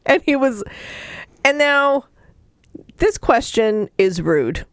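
A woman's voice: on the high side, animated, slow pace, no echo, clean studio sound. A woman co-hosting a podcast, casually retelling a book's plot with sarcasm and mock voices. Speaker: podcast co-host recapping a book. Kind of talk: casual chat.

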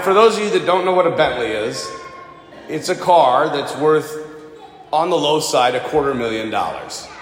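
Animated preacher in an echoey church. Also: male voice, a little high. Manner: animated storytelling with put-on voices for quoted people. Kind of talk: sermon. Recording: echoey hall with long reverb.

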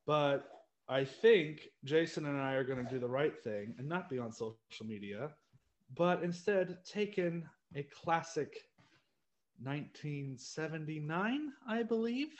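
A man's voice: on the high side, animated, unhurried. A young American man co-hosting a casual podcast chat, ranting in a blunt, opinionated way. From United States. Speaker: podcast co-host.

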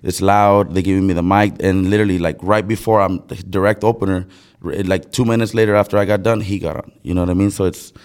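A man's voice: low voice, fairly even intonation, fast talker, darkish tone, smooth. A man who works as a DJ, talking casually on a podcast with loose, filler-heavy storytelling.

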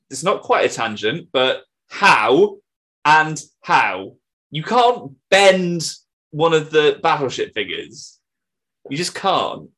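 A man chats loosely with friends on a podcast, his pitch swinging widely and sitting a little high. He reads bits of dialogue aloud in put-on voices and laughs often. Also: bright, forceful tone. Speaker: podcast co-host reading episode lines. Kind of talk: casual chat, reading and acting out script lines.

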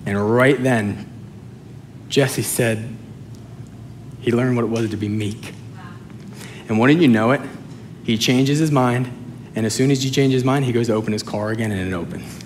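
A male pastor preaching a sermon, animated and joking, swinging between loud and soft. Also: mid-range voice, moderate pace, long pauses, a little hiss or hum. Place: church sanctuary with congregation.

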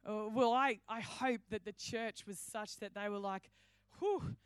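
A woman pastor, preaching a sermon with animated storytelling and acted-out dialogue. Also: mid-range voice, normal speed, clear, resonant tone, dry recording. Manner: animated storytelling, acting out quoted voices. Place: church hall.

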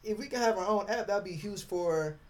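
A man's voice: high voice, fairly quick. A man speaking as a podcast guest, earnest and emphatic about his team's plans. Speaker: guest, show team member. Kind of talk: casual podcast interview.

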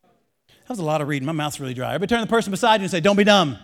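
A young man preaching a sermon, reading scripture aloud and then urging listeners to repeat lines back to him in a casual, energetic way. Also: a little high, very fast. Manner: energetic, calls for congregation to repeat after him; casual preacher talk with restarts. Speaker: pastor.

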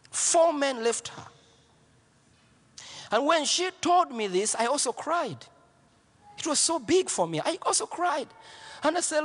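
Man preaching a sermon, super animated pitch, bright edgy voice, lots of repeating, reverb from a big hall. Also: slow, long pauses. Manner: dramatic preaching, repeats phrases, swings from whispers to shouts. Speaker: pastor.

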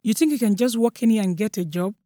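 Woman putting on a drunken leering male boss, mellow dark tone, dry sound. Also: mid-range voice, fast, no echo, close to an everyday voice. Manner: mocking, then stammering and pleading.

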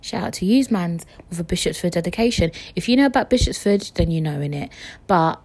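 A woman's voice: a little fast, slightly rough. A young woman chatting casually on her podcast, frank and jokey, swearing freely and talking straight to her listeners. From England. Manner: lively swings in pitch and loudness. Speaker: podcast host.

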